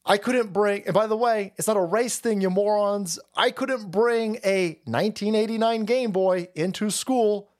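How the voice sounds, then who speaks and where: Middle-aged guy ranting on a stream, cursing a lot, rambling, voice on the high side. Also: moderate pace, few pauses. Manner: profane, rambling, addresses viewers as boys. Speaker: streamer host.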